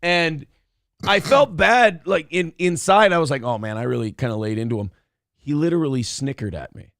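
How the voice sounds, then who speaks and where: Male co-host, somewhat high voice, crude and animated, dry studio sound. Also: normal speed, vocal fry, no room sound. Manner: animated, crude, lots of swearing. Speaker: podcast co-host. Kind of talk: casual morning show banter.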